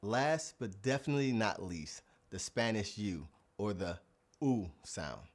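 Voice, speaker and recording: A man narrating a language lesson, sounding out example words slowly and deliberately. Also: fairly low pitch, animated. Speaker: Spanish teacher.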